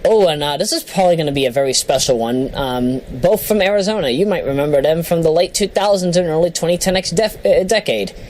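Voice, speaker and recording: She talks fast with few pauses, her voice sitting low with a darkish tone, as a woman vlogger chatting her way down a list. Self-deprecating and giggly, she apologizes for mispronunciations; the recording is rough, with a little hiss or hum.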